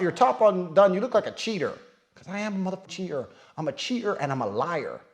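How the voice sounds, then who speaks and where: Cocky male personality in his thirties, high animated voice, loud bragging rant. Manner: brash, profane, loud and taunting. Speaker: public personality. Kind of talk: boastful rant.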